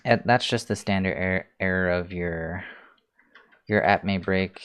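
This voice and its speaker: Low-voiced man narrating a coding screencast. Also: measured pace, smooth. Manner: relaxed, thinks aloud with many ums. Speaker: tutorial host. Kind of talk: casual screencast coding tutorial.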